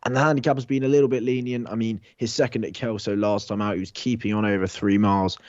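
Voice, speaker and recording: Low-voiced guy talking racing form real fast, kinda dull lo-fi sound. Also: flat delivery, darkish tone, no room sound. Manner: fast, form-heavy analysis with restarts. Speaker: racing tipster co-host. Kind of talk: casual racing preview chat.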